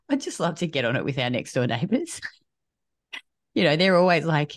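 A woman's voice: sits low, very animated, moderate pace, long pauses, no echo, studio quality. Blunt, swearing woman podcast host. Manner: blunt and swears freely, acts out quoted dialogue. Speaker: podcast co-host and health coach. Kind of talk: casual podcast chat.

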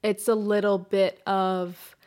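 A woman's voice: mid-range voice, little pitch movement, takes it slowly, darkish tone. A woman hosting a solo podcast, talking frankly and emotionally, swearing freely and getting worked up. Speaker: podcast host. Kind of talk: candid solo podcast monologue. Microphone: podcast microphone.

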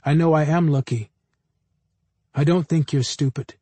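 A man narrating a first-person audiobook in a plain, even storytelling manner. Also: fairly high pitch, moderate pace, slightly rough, no room sound.

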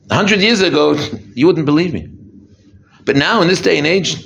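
A rabbi delivers a holiday talk as an emphatic sermon at a moderate pace, his voice showing vocal fry and frequent pauses. He often repeats and restarts phrases, his lively preaching swinging from low and quiet to high and intense. There's slight background noise.

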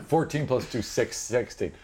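A man's voice: mid-range voice, slight background noise. A man running a tabletop role-play game as game master and podcast host, narrating vividly with lots of "like" fillers.

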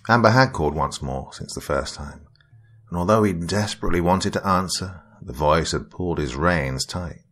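A man narrating a dark story in a measured, brooding way. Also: low-pitched.

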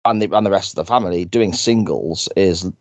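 Deep-voiced man recapping. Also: brisk, dry recording. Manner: chatty, enthusiastic storytelling. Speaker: podcast co-host. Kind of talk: casual chat, recapping an episode.

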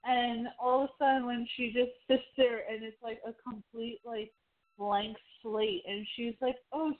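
Woman co-host gushing and excited, sounds like a phone call. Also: fairly high pitch, a little slow. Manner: gushing, excitable, quoting scenes. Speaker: podcast co-host. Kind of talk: casual chat. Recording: tinny phone-like line.

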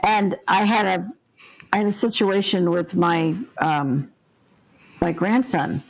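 A woman's voice: fairly low pitch, slow pace, rough recording. An older woman, a guest on an interview podcast, telling stories in an earnest, vivid way and acting out the voices in them. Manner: earnest, vivid storyteller who acts out the voices in her stories. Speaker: interview guest, ghost helper.

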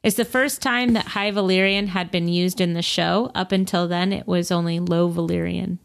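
A woman's voice: lowish voice, steady tone, normal speed, vocal fry. A woman co-hosting a casual podcast, adding brief, matter-of-fact corrections and comments. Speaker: podcast co-host. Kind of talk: casual chat.

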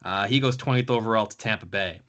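Bright-voiced male podcast host. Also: lowish voice, fast talker, dull audio. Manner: conversational, runs the draft picks. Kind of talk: casual podcast chat.

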